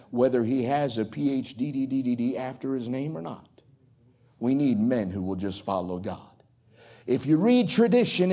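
Southern man from the Carolina coast, high and animated pulpit voice. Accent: coastal North Carolina. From Outer Banks of North Carolina. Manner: swings between ringing highs and hushed drops. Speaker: preacher. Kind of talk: sermon.

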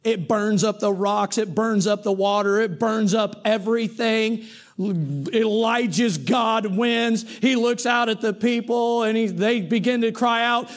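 A man preaching a sermon, telling a Bible story with dramatic swings between hushed and loud delivery. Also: high-pitched, fairly even intonation, a little slow.

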